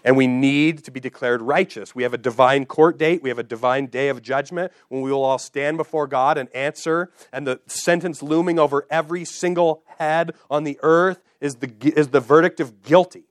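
A man's voice: on the high side, steady tone, normal speed, hardly any pauses, no room sound. Emphatic male pastor, dry close sound. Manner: emphatic, repeats key phrases for teaching. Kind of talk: sermon.

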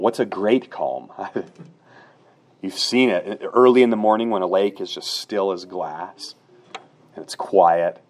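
A middle-aged man preaching a sermon in an earnest way, rising to emphatic peaks and dropping soft again. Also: deep voice. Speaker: pastor.

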